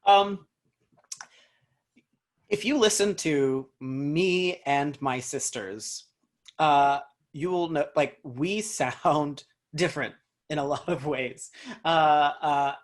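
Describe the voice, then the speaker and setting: This man speaks with a light Southern accent that slips in now and then. He is a dialect coach giving casual interview answers, reflective and thinking aloud as he goes. His voice sits a touch higher than average for a man. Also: lively intonation, slow pace. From North Carolina, USA. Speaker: actor and dialect coach, guest.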